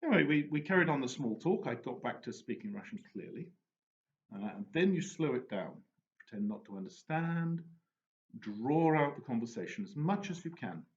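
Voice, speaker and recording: A man telling anecdotes and giving advice in a relaxed, casual monologue, often restarting his sentences. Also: mid-range voice, moderate pace. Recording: dull lo-fi recording with faint noise.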